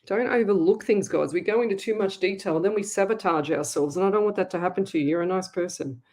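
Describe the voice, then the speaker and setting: A woman's voice: fairly low pitch, quick pace, a little mellow. Chatty Australian woman giving readings. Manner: chatty, rambling, direct advice-giving. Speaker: psychic medium radio host. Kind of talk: casual live-stream reading.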